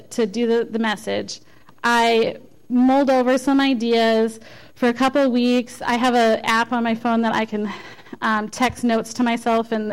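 A woman's voice: fairly high pitch, smooth, poor audio. A woman giving an informal sermon as a lay speaker, conversational and self-deprecating, with frequent restarts.

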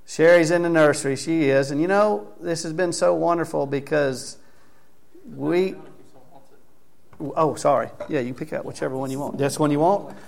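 A male pastor with a gravelly, slightly raised voice speaks to his congregation in a church. He talks in an easy, conversational way, calling people up by name, then moves into prayer. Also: fairly high pitch, moderate pace, a little mellow. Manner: conversational, calls out members by name. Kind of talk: sermon with congregation recognition. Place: church sanctuary.

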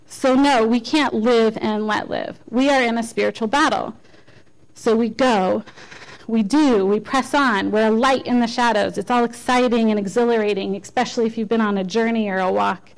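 A woman delivers a church message in an informal, conversational way. Her voice sits a little high. She pokes fun at herself and often restarts her sentences. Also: fairly even intonation, moderate pace, gravelly, rough recording. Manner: conversational, self-deprecating, with frequent restarts. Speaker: lay speaker giving a church message. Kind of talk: informal sermon.

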